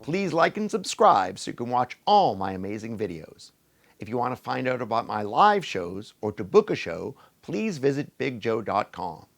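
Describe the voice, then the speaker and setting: A man's voice: medium pitch, very animated, normal speed, vocal fry. A man telling a folk tale to children, playful and theatrical, speaking straight to the audience. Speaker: children's storyteller. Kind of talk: animated storytelling for children.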